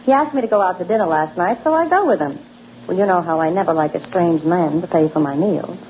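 A woman's voice: lowish voice, expressive, fast talker, slight background noise. A woman guest star in a 1940s radio comedy, delivering brassy wisecracks. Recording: tinny lo-fi old radio broadcast.

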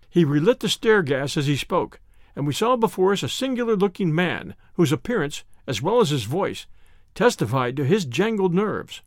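A man reading a classic detective story aloud in an expressive narration. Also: on the high side, moderate pace, no echo, studio quality.

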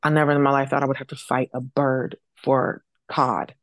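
Woman, comedian, casual storytelling, low voice, dry close mic. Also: normal speed, no room sound. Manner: animated storyteller, acts out quoted voices, swears freely. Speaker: comedian guest.

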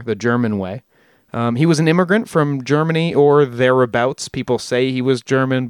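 Guy telling a story on a podcast, mid pitch, rambly and jokey, very dry close mic. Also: clean tone, dry recording. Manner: rambling, self-correcting, chatty with jokey asides. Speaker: podcast host. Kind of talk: casual storytelling podcast chat.

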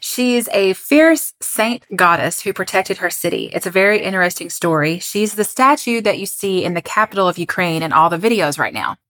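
A woman's voice: lowish voice, animated, moderate pace, hardly any pauses, a bit bright. A woman co-hosting a podcast, chatting casually and telling a history story, laughing often and joking about her pronunciation. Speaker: podcast co-host.

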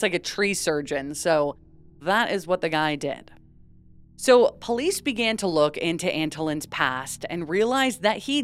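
A young woman talks through a true-crime case in casual podcast chat. Her voice sits on the low side and sounds smooth and clear, and she laughs easily and says "like" often. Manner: chatty, laughs often, uses "like" a lot. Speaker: podcast co-host.

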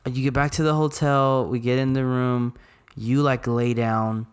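A man from Arizona, co-hosting a podcast, retelling a night out in a casual, animated way full of quoted dialogue and swearing. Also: mid-range voice, measured pace, smooth. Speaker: podcast co-host. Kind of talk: casual storytelling chat.

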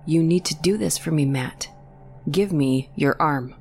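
A woman's voice: sits low, unhurried, creaky, darkish tone, husky, full character voice. A woman voicing a frightened, superstitious young adult sister who talks urgently and drops into tense whispers. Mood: insistent.

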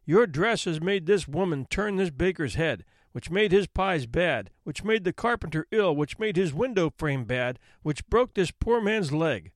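A man voicing a quick-tempered judge who barks and roars orders from the bench in a folk tale. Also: on the high side, expressive, no room sound, studio quality. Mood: stern. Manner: barking, roaring commands. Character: blustering, quick-tempered old male judge.

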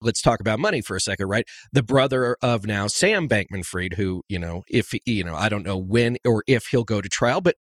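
Expressive male podcast host. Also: on the low side, brisk, few pauses, dry recording, studio quality. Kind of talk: conversational interview.

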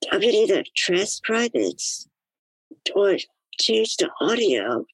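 A woman's voice: medium pitch, big pitch swings, takes it slowly, no echo, low-quality recording. A woman guest on a podcast, talking through ideas in a thoughtful, musing way with many fillers. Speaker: guest, disability activist. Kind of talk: casual podcast chat.

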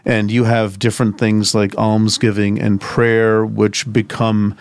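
A man's voice: lowish voice, level tone, unhurried, no room sound. A man co-hosting a podcast, talking through biblical theology in a thoughtful, rambling way with restarts and asides. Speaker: podcast co-host. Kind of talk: conversational theology discussion.

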